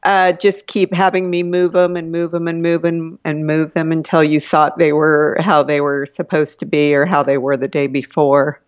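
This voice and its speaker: Older woman guest, soft and hesitant, muffled dry recording. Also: deep voice, flat delivery, normal speed, few pauses, smooth, no echo. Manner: soft-spoken, hesitant, laughs often. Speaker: guest, the host's mother. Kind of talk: casual chat. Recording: dull lo-fi sound.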